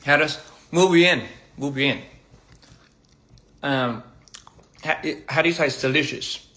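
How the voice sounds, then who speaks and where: A young man hosts a casual phone livestream from indoors during a meal, playfully stumbling over foreign phrases between bites. He speaks slowly at medium pitch with a sharp tone.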